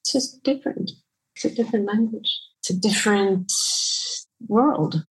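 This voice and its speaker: A woman's voice: mid-range voice, normal speed, low-quality recording. A woman from the United States, a writer and interview guest, speaking earnestly and reflectively and repeating her phrases as she thinks. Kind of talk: conversational interview.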